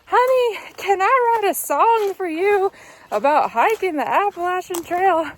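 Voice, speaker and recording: A woman doing a quick impression of a sweet-talking older Southern country singer, in a high, sugary drawl. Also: animated. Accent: Southern US drawl, attempted.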